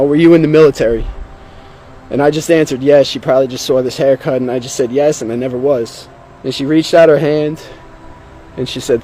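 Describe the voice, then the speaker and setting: A man's voice: a little high, warm tone, a little hiss or hum. A man telling his own conversion story in an earnest, emotional way. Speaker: testimony speaker. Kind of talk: personal testimony.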